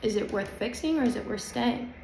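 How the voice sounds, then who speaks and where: A spiritual vlogger speaks to camera about spiritual growth in a casual, confiding way, emphatic and chatty with her viewers. Her voice is a little high, gravelly and slightly mellow, with lively intonation and a brisk pace. The echoey room carries faint ambience and a little hiss or hum.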